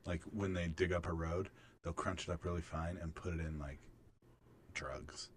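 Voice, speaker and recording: A man's voice: deep voice, level tone, normal speed, a little hiss or hum. A man hosting a podcast, joking and teasing his guests with mock-serious bits. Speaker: lead host. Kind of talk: casual podcast chat.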